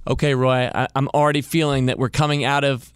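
A man's voice: mid-range voice, little pitch movement, brisk, clean tone, no room sound, studio quality. A man hosting a podcast interview, enthusiastic and often repeating his opening words. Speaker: podcast host. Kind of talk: conversational interview.

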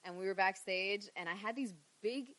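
A chatty woman in her thirties with a New York accent, telling lively stories as a podcast guest. Her voice sits at an ordinary, mid-range pitch. She keeps talking in animated bursts, with plenty of "like" and "you know". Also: moderate pace, rough recording. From Queens, New York. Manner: chatty, animated storyteller, many fillers. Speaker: interview guest, professional wrestler. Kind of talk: casual podcast interview.

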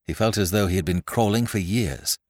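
Male narrator with a low voice and an animated read; dry, close recording. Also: a little fast, no room sound. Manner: lively dramatic reading. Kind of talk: audiobook narration.

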